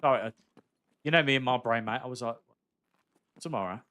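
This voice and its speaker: Male streamer, casual and candid, mid-pitched, plenty of mates and swearing. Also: brisk, bright, forceful tone. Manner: candid and chatty, swears freely, calls viewers mate. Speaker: gaming livestreamer. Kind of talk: casual live-stream chat while playing.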